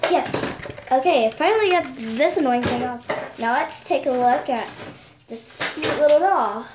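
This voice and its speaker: Young girl chatting through a toy unboxing. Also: high-pitched. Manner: chatty, fussing aloud over packaging. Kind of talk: casual unboxing chat to viewers. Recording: echoey room with background noise.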